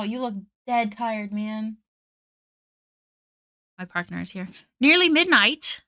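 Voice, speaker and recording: Late at night in a room at home, a young woman draws while chatting casually with her stream, reading chat aloud in a rambling, self-deprecating way. Her voice is on the high side, pushed and bright, captured dry and at studio quality on a desk mic.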